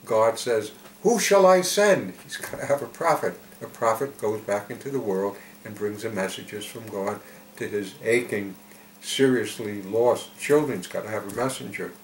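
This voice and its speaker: A man giving a reflective spiritual talk, telling it slowly and deliberately with emphatic swells. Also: fairly low pitch. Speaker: spiritual teacher. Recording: echoey room with faint noise.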